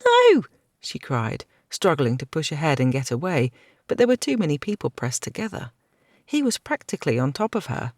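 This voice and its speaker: A man narrating a fantasy audiobook in an even storytelling manner. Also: on the high side, fairly quick, no echo, clean studio sound.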